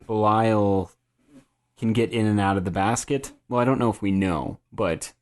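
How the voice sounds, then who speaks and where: Lower-voiced podcast host leading a recap. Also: male voice, normal speed. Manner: leads the recap, prompting co-hosts with questions. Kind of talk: casual podcast chat.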